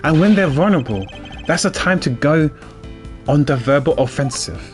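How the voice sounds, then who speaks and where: A man's voice: on the high side, lively intonation, moderate pace. A man giving casual gameplay commentary as a streamer, chatty with self-mocking asides. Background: faint game music.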